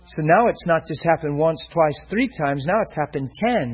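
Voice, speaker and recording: A man delivers a sermon through a personal story, voicing both himself and the other man in the quoted talk. His voice is very husky and breathy, and he keeps checking that his listeners are following him. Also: on the high side, animated, moderate pace, rough recording. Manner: retells a personal story, quoting both sides; asks listeners if they follow. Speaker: preacher.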